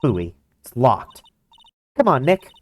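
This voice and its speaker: A woman's voice: extremely low pitch, sing-song, slow, a little mellow, exaggerated voice. A woman voicing a playful, teasing nineteen-year-old girl in a game fan dub.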